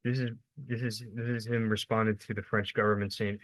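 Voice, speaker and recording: A young man talks through a history lesson in a loose, unscripted way, stumbling over words and correcting himself as he goes. His voice sits low and stays fairly flat in pitch. The recording is dry, with no room sound. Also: dry recording, low-quality recording. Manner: rambling and informal, many fillers and self-corrections, quick asides. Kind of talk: casual unscripted lecture.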